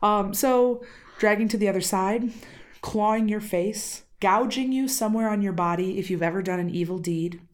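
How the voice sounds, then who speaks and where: A woman's voice: medium pitch, normal speed. Wisconsin woman explaining folklore. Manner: explanatory, with frequent "uh" fillers. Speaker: podcast co-host presenting research. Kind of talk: casual podcast chat.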